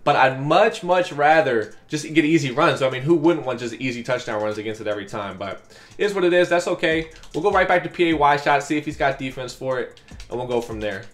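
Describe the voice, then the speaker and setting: A man giving live commentary over his own football video game, talking strategy to viewers and yelling at big plays. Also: mid-range voice, animated, fast. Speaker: gaming YouTuber.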